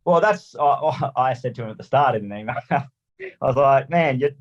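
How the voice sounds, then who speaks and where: An Australian man telling a story on a podcast, animated and swearing, acting out little scenes. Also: medium pitch, brisk, lo-fi sound. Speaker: lawn mowing franchisee guest.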